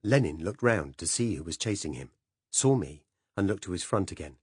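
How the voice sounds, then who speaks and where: A man narrating an audiobook in a measured, dramatic first-person telling. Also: sits low, expressive, husky, dry recording, studio quality.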